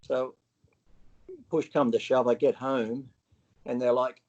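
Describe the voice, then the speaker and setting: A man's voice: medium pitch, flat delivery, takes it slowly, a little mellow, dull audio. An Australian man as an interview guest, telling a personal story bluntly and with swearing, acting out his own past lines.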